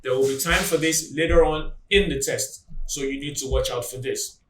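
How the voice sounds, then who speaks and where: A man teaching an exam-prep lesson in a deliberate, emphatic way, slowing down for example phrases. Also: medium pitch, echoey room, distant mic, a little hiss or hum, low-quality recording. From Nigeria. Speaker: IELTS tutor. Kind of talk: instructional video lesson.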